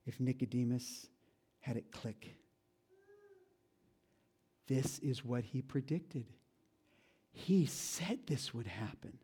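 In a husky, mid-range voice, a pastor recounts events in a dramatic, conversational sermon. He frequently lowers his voice to a hush and turns to his listeners with asides.

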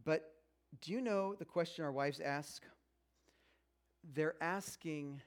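A man's voice: on the high side, slow, pauses often. A man in his fifties giving a chatty, self-mocking talk on marriage to a live audience, acting out quoted voices. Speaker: speaker at a marriage seminar.

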